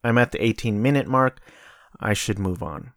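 A man's voice: on the low side, normal speed, dry recording, clean studio sound. A man hosting his own podcast, talking alone in a casual, rambling way, profane and sardonic. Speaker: podcast host. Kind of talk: casual solo monologue.

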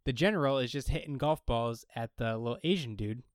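A man's voice: medium pitch, fairly quick, smooth, no room sound, studio quality. A man co-hosting a casual chat, recapping a TV episode and acting out the characters' lines. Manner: animated, acts out characters' lines. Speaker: podcast co-host.

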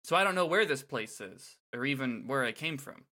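A man's voice: medium pitch, lively intonation, a little fast, sharp tone. A man reading as a lost young athlete. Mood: bewildered. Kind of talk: casual script read-aloud.

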